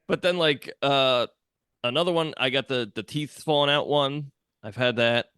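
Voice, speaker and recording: A man's voice: mid-range voice, moderate pace, pushed and bright, clear, resonant tone, no echo. A man co-hosting a casual podcast, spinning a long story with plenty of swearing and laughter. His voice sits in the middle of the male range. It is recorded close and dry, with no room around it. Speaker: podcast co-host. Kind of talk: casual chat.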